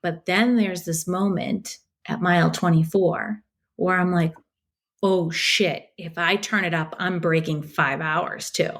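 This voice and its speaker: A woman in her thirties, a podcast guest telling a story in an animated, emotional way, acting out her own quotes and swearing freely. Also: on the low side, unhurried. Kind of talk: casual storytelling.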